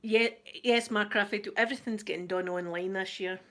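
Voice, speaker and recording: Chatty Scottish woman host, middle-aged, easygoing live-stream banter, mid-pitched. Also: fairly even intonation, normal speed, a bit bright. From Scotland. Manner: chatty, greets viewers by name, laughs often. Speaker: YouTube channel host. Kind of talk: casual live-stream chat.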